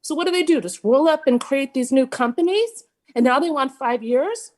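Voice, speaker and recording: Frustrated, blunt, high-voiced woman. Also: lively intonation, normal speed, darkish tone. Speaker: public commenter. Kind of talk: public comment at a city meeting.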